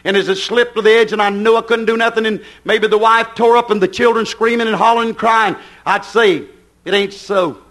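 A middle-aged preacher with a notably high voice delivers a fervent sermon. He speeds through folksy asides, then slows down and shouts the key lines. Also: fairly even intonation. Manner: fervent, rising to shouts with swings in pace.

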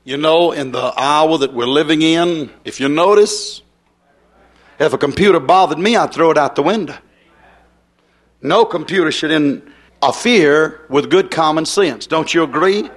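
A man's voice: a little high, unhurried. A man preaching a fiery, folksy revival sermon.

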